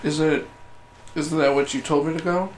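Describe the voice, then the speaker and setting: A man playing a game while he talks, goofy and deadpan, mumbling and singing nonsense to himself. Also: a little high, normal speed, a little hiss or hum. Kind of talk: casual gameplay commentary.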